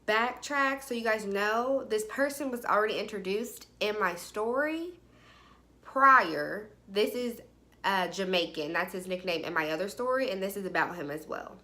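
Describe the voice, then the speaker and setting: A young woman telling a personal story in a casual, chatty way, often saying "like". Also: mid-range voice. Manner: chatty, animated, peppered with "like". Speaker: vlogger.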